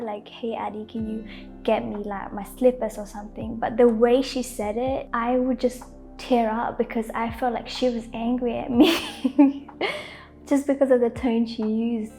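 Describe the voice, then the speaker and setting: A young woman giving gentle, casual lifestyle advice to camera, laughing often and saying "like" a lot. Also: fairly high pitch. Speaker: lifestyle vlogger. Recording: faint background music.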